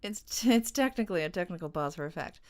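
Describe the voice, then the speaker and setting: A woman's voice: fairly low pitch, expressive, fast. A woman with a Canadian accent hosting a livestreamed book launch, chatting casually, laughing and apologizing over technical trouble.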